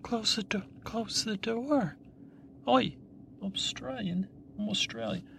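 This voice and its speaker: A man voicing a flirty Australian woman in role-play, crooning in a breathy falsetto. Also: expressive, slow, a bit bright, a little hiss or hum, heavily acted.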